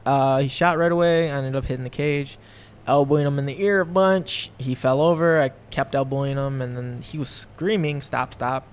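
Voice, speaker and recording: A young man talks in a loose, rambling way and keeps circling back on his own words. His pitch sits in the middle, and a faint hum runs underneath the conversation. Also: a little fast. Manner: rambling, many fillers and restarts. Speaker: guest, professional MMA fighter. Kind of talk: casual podcast conversation.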